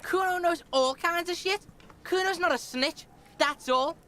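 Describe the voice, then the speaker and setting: A man's voice: very high voice, a little slow, sharp tone, pitched above the performer's own voice, heavily acted. A man voicing a hostile, foul-mouthed street kid from a video game who swears constantly and talks about himself in the third person.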